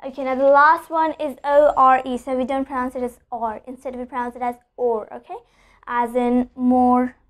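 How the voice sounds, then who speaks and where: A woman teaching an English pronunciation lesson, explaining rules and repeating each example word with frequent "okay?" checks. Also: sits high.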